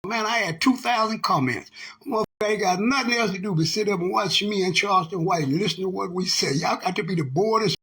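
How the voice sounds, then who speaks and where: A man's voice: sits high, quick pace, fairly bright tone, breathy edge. An older man, ranting in a profane, preachy, scolding monologue. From Texas. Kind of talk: casual monologue rant.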